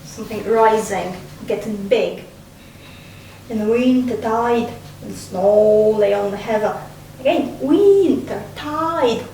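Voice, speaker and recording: A woman's voice: mid-range voice, fairly even intonation, slow pace, creaky, warm tone. A woman leading a casual discussion of a poem, thoughtful and prompting with questions. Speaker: discussion leader. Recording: echoey room, distant mic, faint noise.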